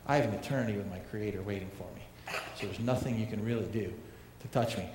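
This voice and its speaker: A man's voice: fairly low pitch, fast, darkish tone, slight background noise. A male pastor preaching a sermon, emphatic, repeating phrases and asking rhetorical questions. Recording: echoey hall reverb, faint ambience.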